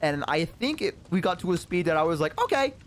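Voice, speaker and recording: A man's voice: fairly high pitch, fairly quick, a little hiss or hum. A man streaming as a VTuber, telling a personal story in a casual, rambling way, swearing often. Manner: animated, profane, rambling with fillers.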